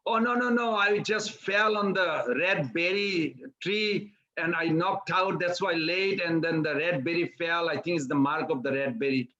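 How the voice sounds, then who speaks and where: Guy acting out a breathless cowherd boy making excuses, lower than his usual voice. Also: moderate pace, hardly any pauses, sharp tone, highs cut off. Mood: apologetic.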